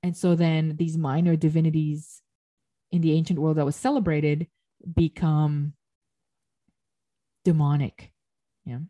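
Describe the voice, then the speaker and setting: A woman lectures on an ancient myth, reading passages and explaining them as she goes. Her voice sits a little low with a warm, mellow tone, and she often stops to correct herself mid-phrase. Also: level tone, unhurried, pauses often.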